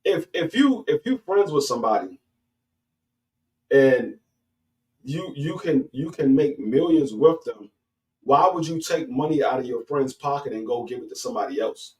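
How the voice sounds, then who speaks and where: A man in casual sports talk, speaking haltingly with many restarts and climbing high in pitch when he argues a point. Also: expressive, a little mellow, far from the mic, low-quality recording. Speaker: boxing talk guest.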